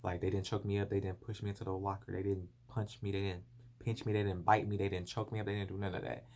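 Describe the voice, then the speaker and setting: A man's voice: deep voice, little pitch movement, quick pace, darkish tone. A young man telling a painful personal story to camera in an emotional, rambling and apologetic way. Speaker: vlogger.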